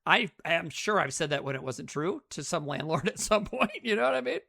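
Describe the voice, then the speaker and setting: A woman's voice: on the low side, fairly quick, vocal fry. A woman co-hosting a podcast, recapping a movie in casual, profane chat. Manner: animated, profane movie recap full of acted quotes. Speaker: podcast co-host.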